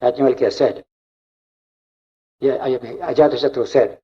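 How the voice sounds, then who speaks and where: A man's voice: medium pitch, moderate pace, long pauses. A man giving a spiritual discourse as a monk, explaining emphatically and repeating key points. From India. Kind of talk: spiritual lecture. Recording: dull lo-fi recording.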